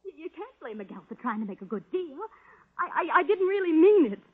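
A woman's voice: sits high, sing-song, fairly quick. A woman playing a flighty, gold-digging young nightclub woman in 1940s radio acting, coy and wheedling. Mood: terrified. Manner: coy and wheedling, turning to stammering terror. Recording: tinny old radio broadcast.

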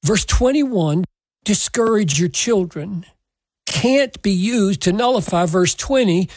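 Man doing slow bible teaching, kinda husky voice, dry close recording. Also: high voice, a little mellow, dry recording. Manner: deliberate, measured exposition.

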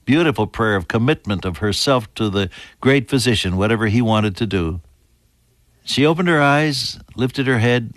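A man preaching a sermon, earnest, building to emphatic high points and then falling soft and hushed. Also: no room sound.

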